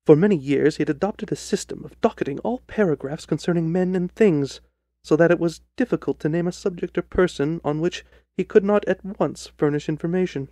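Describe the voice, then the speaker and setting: A man giving scripted narration of a period story in a measured storytelling manner. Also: on the high side, mellow, no echo, studio quality.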